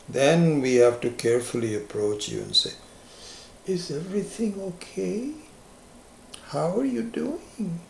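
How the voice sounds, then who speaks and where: A man giving a slow, reflective spiritual lecture as a teacher, stressing key words with rising emphasis. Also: on the low side, darkish tone, slight background noise. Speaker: Vedanta teacher. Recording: echoey lecture room.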